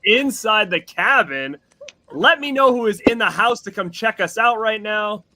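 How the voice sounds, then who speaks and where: High, lively, bright-voiced male stream host. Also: measured pace. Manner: excitable, shout-outs to chat. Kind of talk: live-stream chat. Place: outdoors at night.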